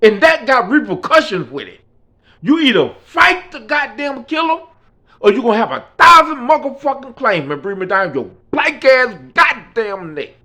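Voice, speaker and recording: A man voicing a menacing gang leader who shouts threats and swears heavily while telling a story. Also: very high-pitched, sing-song, moderate pace, pitched above the performer's own voice, full character voice. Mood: threatening.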